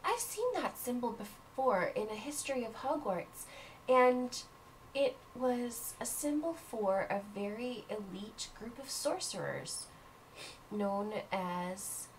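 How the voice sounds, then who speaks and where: Woman doing a gentle worried girl, high soft voice, hushed, caring. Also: lively intonation, takes it slowly, slight background noise, low-quality recording. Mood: explaining. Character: kind, worried girl friend Sylvana.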